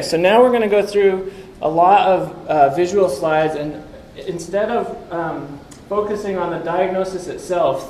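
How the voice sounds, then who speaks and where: A man with a fairly high, slightly mellow voice gives a conversational conference talk with slides, quizzing the audience and dropping wry asides. The room is echoey, with faint ambience and slight background noise.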